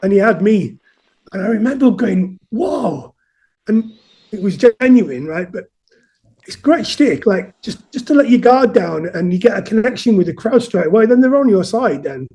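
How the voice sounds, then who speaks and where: High-voiced, mellow man in his fifties. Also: animated, moderate pace, breathy edge. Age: 50s. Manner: earnest, reflective, repeats words when starting sentences. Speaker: guest musician. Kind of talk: casual conversational interview.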